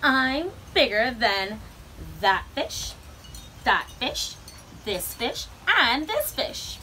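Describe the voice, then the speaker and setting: A woman's voice: fairly high pitch, very animated, extremely slow, sharp tone, slight background noise, full character voice. A woman voicing a proud, boastful giant squid in a picture-book reading.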